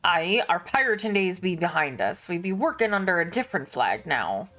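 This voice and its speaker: A woman voicing a crude, blustering pirate sailor man who talks in a rough pirate dialect and hurls insults. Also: lowish voice, wildly swooping pitch, takes it slowly, sharp tone, soft background music, heavily acted. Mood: gruff.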